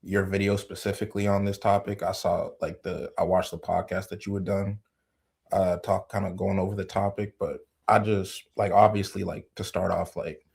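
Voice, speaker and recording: A tired man calling in after a long work shift, speaking low and rambling with lots of filler words. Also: flat delivery, normal speed, gravelly, darkish tone, breathy edge. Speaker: caller. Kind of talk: casual call-in discussion.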